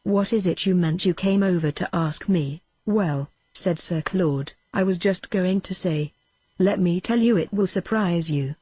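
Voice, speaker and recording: A synthetic woman's voice with a British English accent reading a novel aloud as an audiobook, at an even, steady pace. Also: lowish voice, a little slow, husky, no echo. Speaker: audiobook narrator.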